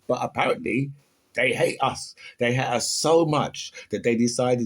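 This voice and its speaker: A man's voice: medium pitch, unhurried, slightly rough. A man from the UK with a British accent, delivering an impassioned opinion monologue and often asking "right?" to his listeners. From United Kingdom.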